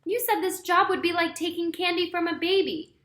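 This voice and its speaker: A woman's voice: very high voice, fairly even intonation, fairly quick, roomy sound, pitched above the performer's own voice. A woman voicing a grumpy, complaining male sidekick thief. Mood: annoyed. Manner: whiny and complaining.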